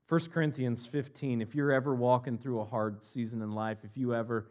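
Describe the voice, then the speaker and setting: A man from Ohio preaching a sermon, mixing jokey, animated asides with earnest, quieter scripture reflection. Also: mid-range voice, brisk. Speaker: pastor.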